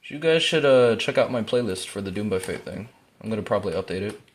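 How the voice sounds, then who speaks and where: A man giving casual, rambling gameplay commentary, full of fillers, breaking into excited yelps while playing. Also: fairly low pitch, fast, slightly rough. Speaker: gaming YouTuber. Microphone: phone.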